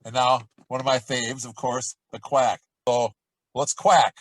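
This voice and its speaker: A middle-aged man coaching a vocal warm-up lesson, talking in a relaxed, chatty way between loud sung demonstrations. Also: medium pitch, moderate pace, no room sound, rough recording. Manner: demonstrates exercises with loud sung shouts and quacks.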